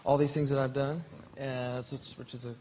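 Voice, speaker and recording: A man's voice: mid-range voice, little pitch movement, normal speed. A man guesting on a talk show as a rock musician, hesitant, with short answers and many restarts. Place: TV studio with live audience. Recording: dull TV sound, faint hiss.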